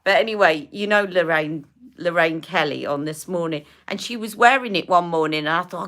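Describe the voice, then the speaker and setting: Brief: woman, fifties, beauty livestream host; low-set but bright, chatty and rambling. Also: moderate pace. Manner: chatty, rambling, answers viewers' comments. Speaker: beauty live-stream host. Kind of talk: casual chat while doing makeup.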